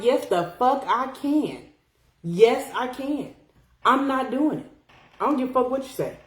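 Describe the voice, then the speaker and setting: A young adult woman hosting a podcast, chatting casually and reading comments from a live chat in a blunt, profane, animated way. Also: a little high, normal speed, reverberant, slight background noise.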